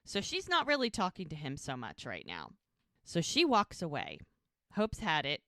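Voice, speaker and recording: A woman co-hosting a podcast, retelling the scenes of a TV episode in a lively, chatty way. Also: low-pitched, moderate pace, no echo, studio quality. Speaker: podcast co-host. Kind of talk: casual episode recap chat.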